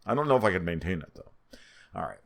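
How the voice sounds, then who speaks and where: A man's voice: low-pitched, big pitch swings, fast, gravelly, fairly bright tone. A man with a New York accent and a nasal voice, talking through market charts in a twitchy, off-the-cuff way. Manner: twitchy, spitballing, restarts often. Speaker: market commentator. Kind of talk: solo market analysis over charts.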